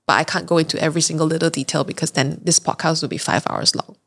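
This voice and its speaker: A woman's voice: low-pitched, fairly even intonation, fast, a bit bright. A young woman, hosting a podcast and telling a candid, confessional story in chatty fashion. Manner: chatty and confessional, often acts out her own reactions. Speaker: podcast host.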